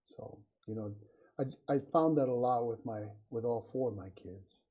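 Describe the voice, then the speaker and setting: A man's voice: mid-range voice, moderate pace, slightly rough. A middle-aged father of four, reflective and affirming, in casual podcast conversation. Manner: affirming, reflective, says "right" often. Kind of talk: casual chat. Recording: dull lo-fi sound.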